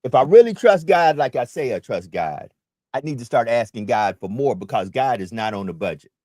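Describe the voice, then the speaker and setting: A man's voice: lowish voice, expressive, moderate pace, darkish tone, no echo, studio quality. A man hosting a community talk radio show, speaking in an emphatic, preacherly way and repeating his key points.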